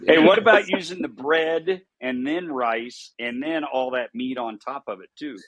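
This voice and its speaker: A man's voice: on the high side, measured pace, fairly bright tone, husky, dry recording, muffled recording. A man co-hosting a food podcast, asking short curious questions. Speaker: podcast co-host. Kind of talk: casual chat.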